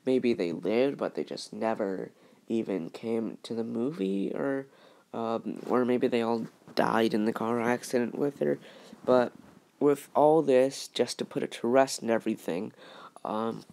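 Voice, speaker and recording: A man talking through a fan theory in a casual vlog, halting and hesitant, with many fillers and restarts. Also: medium pitch, gravelly, a little mellow. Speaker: YouTuber.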